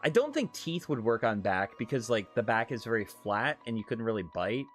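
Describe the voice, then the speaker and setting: A male streamer chats loosely with his viewers, tossing out swear words and giggles as he answers their questions. His voice leaps between high and low, with quiet music running under it. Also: a little fast. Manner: animated, giggly, profane. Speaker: live streamer. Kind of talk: casual chat, reading viewer questions.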